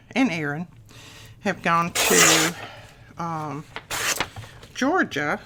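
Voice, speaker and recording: An older woman with a low, settled voice talks her way through a crafting project at home, rambling and folksy. She thinks aloud as she works. A faint hiss sits under her voice. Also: fairly bright tone. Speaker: crafting channel host. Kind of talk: casual crafting tutorial chat.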